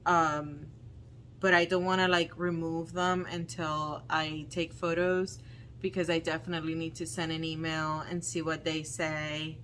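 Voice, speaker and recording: A woman vlogger doing casual unboxing commentary, talking in a halting, dismayed way with frequent ums. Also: sits low, level tone, a bit bright, a little hiss or hum. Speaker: plant vlogger.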